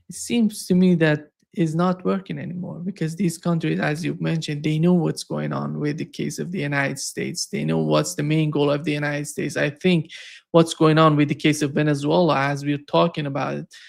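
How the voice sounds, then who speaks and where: A man's voice: a little high, creaky. A man hosting an interview, asking questions in an informal way. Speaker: host.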